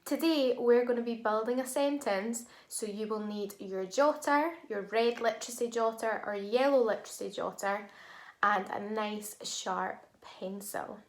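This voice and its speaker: A woman teacher leading a phonics lesson for young children, sounding out words slowly and clearly. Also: fairly high pitch, echoey room. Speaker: primary school teacher.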